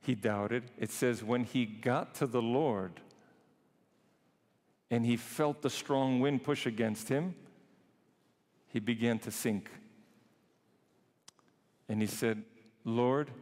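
A man's voice: mid-range voice, a little mellow. Guy giving a sermon, mid voice, emphatic, long church echo. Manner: emphatic, shifts between slow and quick phrasing. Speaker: priest preaching.

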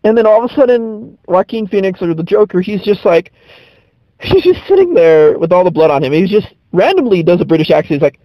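A man's voice: high-pitched, very animated, brisk, dry recording, lo-fi sound. A man hosting a podcast in casual chat, rambling and laughing often. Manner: giggly, rambling, frequent laughs. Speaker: podcast host.

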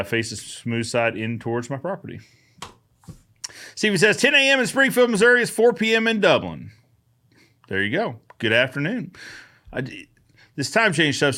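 On his live fencing Q&A stream, a cheerful man chats casually, says hello to viewers by name and fields their questions. He speaks in a mid-range, fairly bright voice.

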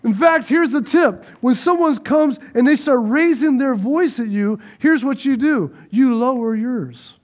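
A man preaching a sermon, swinging between loud urging and soft hushed lines, repeating phrases and calling out to the congregation. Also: very high voice, measured pace, hardly any pauses.

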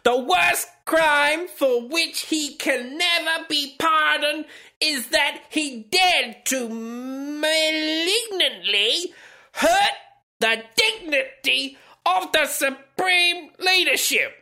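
A man putting on the voice of a shrill, furious male propaganda announcer, declaiming with pompous indignation. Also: lively intonation, very slow, gravelly, pushed and bright, full character voice. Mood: indignant.

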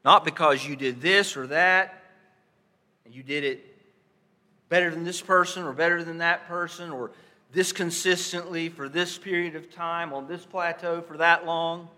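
Bright-voiced preacher in a reverberant hall. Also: male voice, a little high, steady tone, moderate pace. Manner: dramatic shifts between soft hushed lines and loud emphatic ones; asks the congregation rhetorical questions. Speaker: pastor. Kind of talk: sermon.

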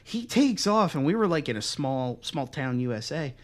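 A man's voice: a little high, normal speed. A young man hosting a podcast, telling a long, profane story in casual chat and acting out what people said. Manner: profane, animated, acts out quotes in other voices. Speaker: podcast host.

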